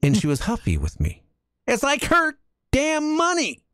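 A man hosting a casual talk radio show, telling jokey stories with lively energy. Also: very high voice, measured pace, no room sound, clean studio sound. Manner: animated storytelling, jokey.

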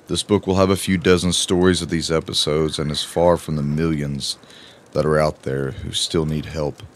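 A man giving a slow, measured first-person audiobook narration. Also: very deep voice, fairly bright tone, slight background noise.

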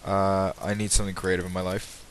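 A young English man with a Midlands accent, talking at home in a rambling, self-deprecating way full of ums. His voice sits very low. A light hiss runs under the home recording. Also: little pitch movement, brisk, low-quality recording. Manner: rambling, self-mocking, hesitant with many ums. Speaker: let's play channel host. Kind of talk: casual self-deprecating vlog intro.

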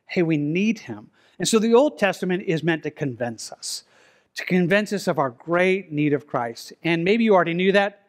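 A male pastor, preaching a sermon in a relaxed, conversational way and acting out imagined dialogue with his congregation. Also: high-pitched. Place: church sanctuary.

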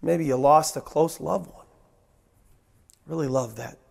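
A man preaching a sermon as pastor, swinging from raised, emphatic lines to hushed ones and repeating phrases for emphasis. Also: on the high side, measured pace, gravelly.

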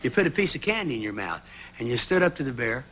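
A man's voice: medium pitch, very animated, fast talker, fairly bright tone. Rambling, jokey male talk show guest. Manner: rambling, jokey, acts out voices in his stories. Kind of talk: animated anecdote telling. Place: talk show studio with audience. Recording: old TV broadcast, audible hiss.

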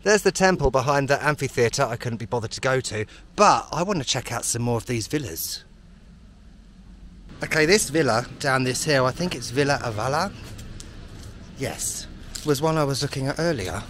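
A man's voice: mid-range voice, expressive, normal speed, a bit bright. A man talking casually in a walking travel vlog, chatty, self-mocking and enthusiastic, outdoors. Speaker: travel vlogger. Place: outdoors in a spa town street.

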